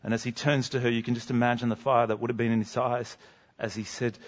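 Male preacher, mid-pitched, earnest sermon delivery with hushed dramatic drops; slightly muffled recording. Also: flat delivery, fast talker, hardly any pauses.

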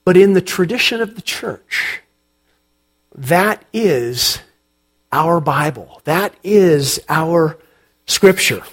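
Slow, high-voiced male pastor preaching. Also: lively intonation. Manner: unhurried, conversational preaching with audience questions. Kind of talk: sermon.

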